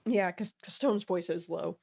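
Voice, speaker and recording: A woman's voice: lowish voice, moderate pace, vocal fry, darkish tone, lo-fi sound. A woman chatting casually between roleplay scenes, rambling, giggling and correcting herself as she goes. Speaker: roleplay partner. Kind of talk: casual chat during voice roleplay.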